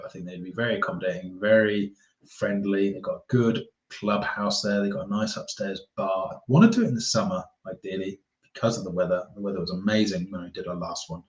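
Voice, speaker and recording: A man chatting casually on a live stream as a golf YouTuber, rambling and reading viewer comments aloud. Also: lowish voice. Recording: roomy, dull lo-fi sound.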